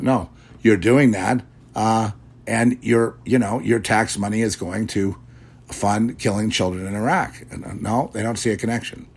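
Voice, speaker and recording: A middle-aged man delivers a preachy monologue in a low, gravelly voice with a husky edge. His pitch swings widely as he rails and then mimics the people he argues against. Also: steady tone, normal speed. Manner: preachy, mocks imagined opponents in quoted voices. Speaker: podcast host. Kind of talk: religious commentary monologue.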